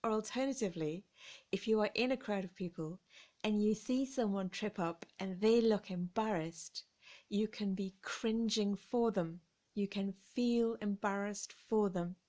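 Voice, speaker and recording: Slow, expressive English woman teaching words. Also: mid-range voice. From England. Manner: expressive, savoring words, acting out examples. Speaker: English teacher and vocal coach. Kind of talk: slow, deliberate language lesson.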